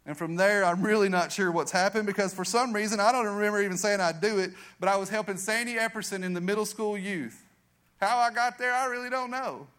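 Guy preaching his testimony, kinda high voice, gets quiet n soft for the big moments. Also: brisk. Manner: earnest storytelling, voice drops low and soft for emphasis. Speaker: youth pastor. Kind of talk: testimony sermon. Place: church sanctuary.

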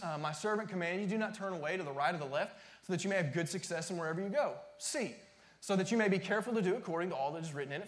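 High-voiced preacher in an echoey sanctuary. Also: male voice. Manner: emphatic preaching, repeats phrases, drops to near-whispers. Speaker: pastor. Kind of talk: sermon.

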